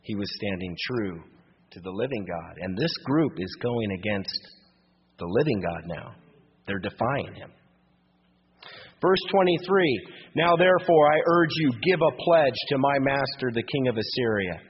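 A man's voice: mid-range voice, expressive, a little slow, a little hiss or hum. A male pastor teaching a Bible passage verse by verse, reading scripture aloud and then restating it in plain, everyday speech. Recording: muffled radio broadcast with long reverb.

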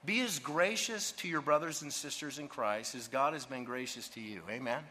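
A man preaching a sermon with emphasis, pausing to ask the congregation to fill in words. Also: medium pitch, pushed and bright. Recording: long hall reverb.

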